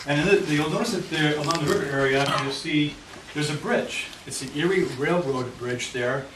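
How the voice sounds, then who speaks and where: A man's voice: fairly high pitch, moderate pace. Man presenting in an echoey meeting room. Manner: walks listeners through a handout map. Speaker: neighborhood presenter. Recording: echoey room, mic far off, noisy.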